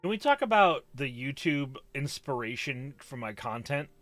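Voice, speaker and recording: A man's voice: mid-range voice, very animated, normal speed, a bit bright, soft background music. Rambling male streamer host. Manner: rambling, stumbles over words. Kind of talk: casual stream chat.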